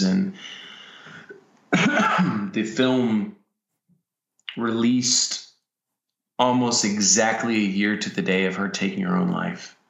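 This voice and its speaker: A man, a filmmaker, reflecting in a personal way, talking haltingly with frequent pauses and restarts. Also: lowish voice, creaky, a bit bright. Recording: roomy, dull lo-fi sound.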